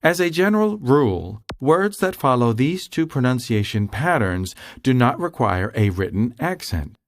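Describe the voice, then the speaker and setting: Man explaining with a lively, varied pitch. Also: a little hiss or hum. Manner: clear, measured explanation. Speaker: language instructor. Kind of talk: scripted instructional narration.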